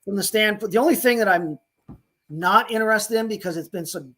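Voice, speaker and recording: This man has a fairly high voice for a man and talks fantasy football in a loose, casual way. He wanders through his points with lots of restarts and hedging, sounding like a co-host riffing on a live show. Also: a little fast, a bit bright. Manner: rambling, lots of restarts and hedges. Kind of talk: casual sports chat.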